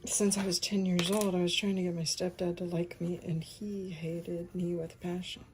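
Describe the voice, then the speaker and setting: A woman in her fifties telling a personal faith testimony, soft-spoken and often sinking into a breathy whisper. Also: fairly low pitch, flat delivery, moderate pace, background noise. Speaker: speaker sharing a faith testimony.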